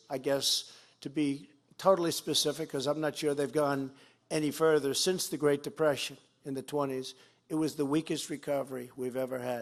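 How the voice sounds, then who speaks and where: Older man, campaign speaker at a podium; emphatic, repetitive delivery, voice sits a bit high, loud bursts then drops low. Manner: repetitive, emphatic, swings between loud and quiet. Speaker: politician giving a campaign speech. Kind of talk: campaign rally speech. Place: fundraiser event.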